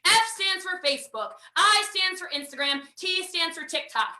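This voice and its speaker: An American woman giving a live online sales training, talking in an energetic, emphatic way and repeating phrases for drive. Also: extremely high pitch, moderate pace, reverberant. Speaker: network marketing trainer.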